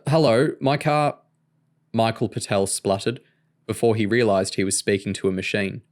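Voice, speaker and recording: A man reading a novel aloud in an even, steady narration. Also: lowish voice. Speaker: audiobook reader.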